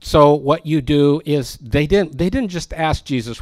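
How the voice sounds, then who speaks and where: A pastor with a fairly high, animated voice works through scripture verse by verse at a moderate pace, keeping it conversational and tossing joking asides to his congregation. The recording is dry.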